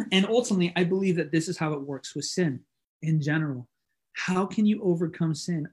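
A man preaching a sermon in a casual, conversational way, with lots of fillers, acting out the dialogue he quotes. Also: a little mellow. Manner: acts out quoted dialogue with pitch jumps.

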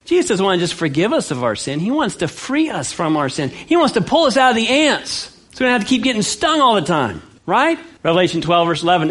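A man from California preaching a sermon, emphatic and full of rhetorical questions, swinging from low earnest lines to loud ones. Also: very animated, fairly quick, few pauses. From California, USA. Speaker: pastor.

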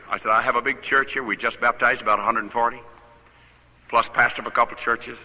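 An older man, a pastor, telling a personal story in a sermon, animated and laughing at his own tale. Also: mid-range voice, fast, big-room sound, poor audio.

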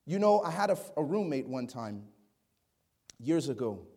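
With a medium-pitched, very animated and slightly rough voice, a man preaches a little slowly, reading scripture and questioning his listeners in the congregation. To emphasize points, he often goes quiet, close to a whisper.

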